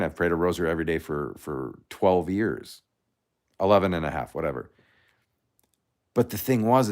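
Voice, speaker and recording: A man hosting a casual livestream, out of breath and rambling with many restarts. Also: low voice. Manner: rambling, animated, restarts often. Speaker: livestream host.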